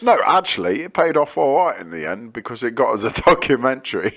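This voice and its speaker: A man co-hosting a podcast, chatting and telling stories in an animated way, laughing and swearing freely. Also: medium pitch, a little fast, vocal fry, breathy edge. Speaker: podcast co-host. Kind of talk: casual banter and storytelling.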